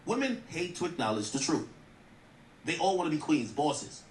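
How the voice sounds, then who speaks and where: A man's voice: fairly high pitch, sing-song, moderate pace, roomy sound, far from the mic, a little hiss or hum. A man giving blunt, profane, mocking commentary in a rant. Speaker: streamer commentator. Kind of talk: ranting commentary.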